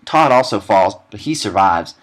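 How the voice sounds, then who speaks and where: Sarcastic young man recapping a movie. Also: on the low side. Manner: sarcastic, deadpan asides, quick quoted character voices.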